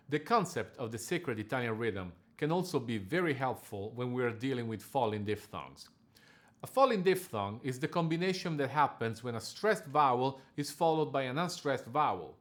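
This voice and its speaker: A man coaching singers on diction in a measured, precise scripted lesson. His pitch rises and falls freely, giving the explanation an animated, melodic line.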